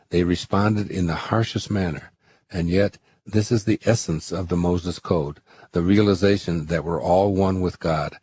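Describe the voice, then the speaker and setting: A man reading his own spiritual book aloud as audiobook narration, in a measured, earnest way that slows down for quoted scripture. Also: low voice, a little mellow, slight background noise.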